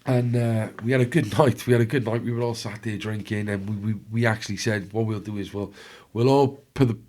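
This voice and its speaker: A man's voice: fairly low pitch, fairly even intonation, brisk, a little mellow, a little hiss or hum. A man from Wales with a Cardiff accent, a podcast guest telling a story in blunt casual talk full of swearing, acting out what other people said. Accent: Welsh, Cardiff.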